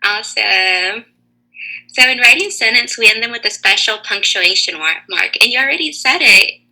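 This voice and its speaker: A woman teaching a lesson to young children over a video call, asking slow, clear, encouraging questions. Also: on the high side, lively intonation, bright, forceful tone, rough recording.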